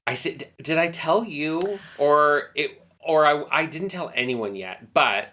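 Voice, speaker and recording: A young woman co-hosting a podcast in loose, rambling chat, laughing often. Her voice sits low but swings widely, and it has a bright, forceful edge. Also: lively intonation, a little slow. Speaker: podcast co-host. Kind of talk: casual chat.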